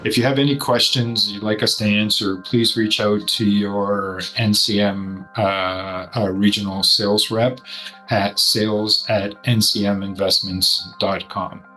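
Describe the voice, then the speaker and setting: A man speaking as a portfolio manager, walking through markets in a measured, explanatory way. His voice sits on the low side and stays fairly flat in pitch. Soft music plays faintly underneath. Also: poor audio. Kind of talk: investment commentary to camera.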